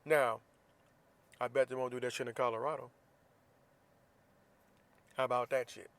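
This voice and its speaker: A man's voice: mid-range voice, fairly even intonation, moderate pace, fairly bright tone, clean tone. A man from Florida hosts a podcast, talking alone in a casual monologue. His delivery is blunt and heated, with plenty of profanity. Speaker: podcast host.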